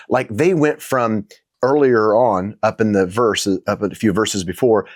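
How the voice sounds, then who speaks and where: Deep-voiced earnest man, dry close sound. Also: dry recording. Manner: halting, earnest, many restarts and fillers. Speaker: Christian minister. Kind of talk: casual reflective talk.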